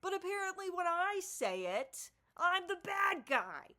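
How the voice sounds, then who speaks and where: A woman ranting to camera in a profane, sarcastic monologue, swinging between loud theatrical outbursts and low mutters. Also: big pitch swings, measured pace. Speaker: vlogger.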